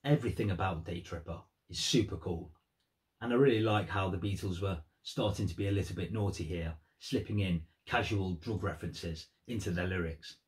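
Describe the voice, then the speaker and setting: A man's voice: deep voice, normal speed. A man giving earnest, thoughtful commentary on song lyrics in a vlog. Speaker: music vlogger.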